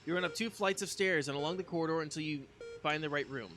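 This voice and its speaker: A man's voice: on the high side, quick pace, bright, forceful tone. A man streaming a story game, reading its narration aloud in a casual way with asides, with music playing behind him. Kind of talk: reading game text aloud with live commentary.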